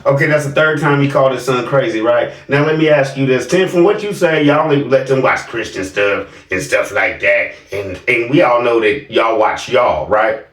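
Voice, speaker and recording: A man's voice: mid-range voice, normal speed, few pauses, fairly bright tone, echoey room, distant mic, slight background noise. A man giving sarcastic reaction commentary on video clips, questioning his viewers.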